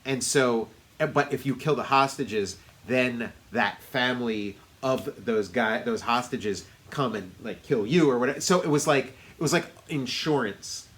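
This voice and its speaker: Bright-voiced rambling podcast co-host. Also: male voice, medium pitch, unhurried. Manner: rambling, lots of fillers and restarts. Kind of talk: casual movie review chat.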